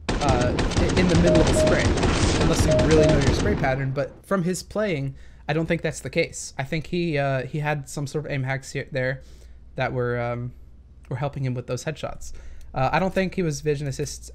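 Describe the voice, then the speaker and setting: A young man casually commenting on gameplay footage, thinking aloud and hesitating with many fillers. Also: a little high. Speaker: gaming commentator.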